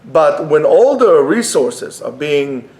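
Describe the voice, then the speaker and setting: A man's voice: fairly high pitch, big pitch swings, takes it slowly, darkish tone. A man teaching an informal Torah class at a yeshiva, talking conversationally and often restarting his phrases. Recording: echoey room.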